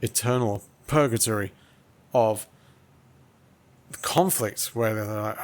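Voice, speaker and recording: A man's voice: lowish voice, steady tone, measured pace. A man hosting a casual comedy podcast, rambling and stammering with repeated words over a video call. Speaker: podcast host.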